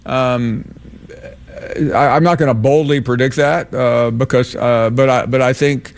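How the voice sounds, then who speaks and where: A man hosting a call-in sports radio show, talking in a measured way with many pauses. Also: mid-range voice, steady tone, creaky.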